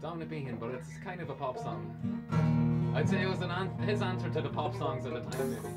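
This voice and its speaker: A man singing a slow, lilting folk ballad after a brief spoken intro. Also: a little high. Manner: unhurried, lilting. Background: plucked guitar.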